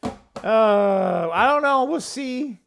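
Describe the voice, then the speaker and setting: An opinionated male vlog host talks off the cuff about current events. He rambles, doubles back to correct himself and tosses in quick asides. His voice is slightly high and swings widely in pitch. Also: expressive, fairly bright tone, slight background noise. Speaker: political commentary channel host. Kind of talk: casual political commentary vlog.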